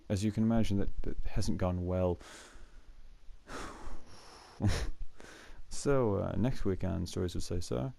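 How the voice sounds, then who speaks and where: Low gravelly young man rambling. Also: warm tone. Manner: rambling, chuckling, many fillers. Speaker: student storyteller, show host. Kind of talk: casual storytelling to camera. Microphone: mic that cuts out.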